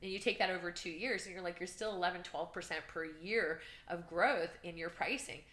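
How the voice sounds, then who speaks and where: Woman, podcast guest, energetic chatty storyteller, bright tone, echoey room. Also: on the low side, brisk. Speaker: real estate coach and guest. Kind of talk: casual podcast chat. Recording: roomy echo.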